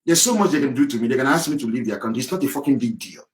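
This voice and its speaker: A man's voice: medium pitch, animated, rapid-fire, low-quality recording. A man from southwest Nigeria, delivering an angry, emphatic political monologue as a campaigner. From southwest Nigeria (Yorubaland). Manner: angry, ranting, emphatic, repetitive.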